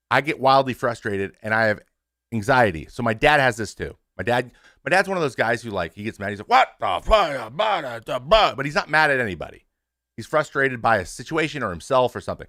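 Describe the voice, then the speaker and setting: A man in his thirties talks openly to his stream audience in a plain, mid-pitched voice. He swears freely and restarts his sentences often. The sound is dry and close, with no room around it. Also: sharp tone, no room sound. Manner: frank and conversational, with restarts and swearing. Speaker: show host, former pitcher. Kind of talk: candid casual talk to a stream audience.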